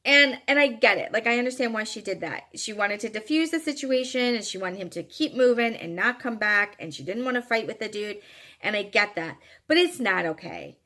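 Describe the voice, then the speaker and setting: A woman's voice: on the high side, lively intonation, fairly quick, sharp tone. A woman telling a personal story in a frank, emphatic way, with some casual swearing. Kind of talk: candid storytelling monologue.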